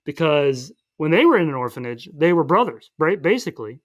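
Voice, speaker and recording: A man's voice: a little high, very animated. A man co-hosting a podcast who recaps a film in casual, rambling chat. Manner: rambling, retells scenes with quick voiced asides. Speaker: podcast co-host.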